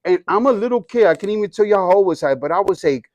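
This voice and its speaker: This guest, a man in his forties, delivers his life testimony with lively, relaxed energy, using street slang and voicing every person in the tale. He speaks fast and high-pitched with few pauses, recorded close and dry with no echo and the highs cut off.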